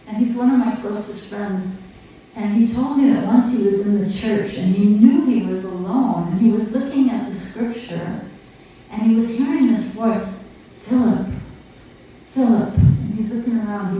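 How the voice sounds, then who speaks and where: An older woman giving a gentle devotional talk at a retreat, conversational, often checking in with her listeners. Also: medium pitch, a little hiss or hum. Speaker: spiritual teacher. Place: retreat hall. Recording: echoey hall, voice from far off.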